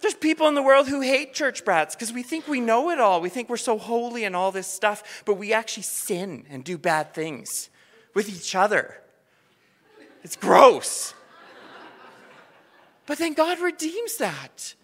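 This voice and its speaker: A pastor preaching a sermon from a church stage, telling stories with passion and building to excited, near-shouted peaks. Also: mid-range voice, a little slow. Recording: long reverb of a church hall.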